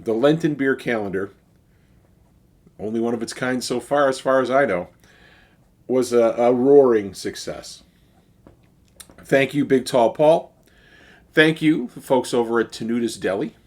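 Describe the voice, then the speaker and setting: A man's voice: mid-range voice, unhurried, pauses often. A middle-aged man with a Chicago accent, chatting casually as he reviews a beer in his video. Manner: relaxed and chatty, with fillers and sighs.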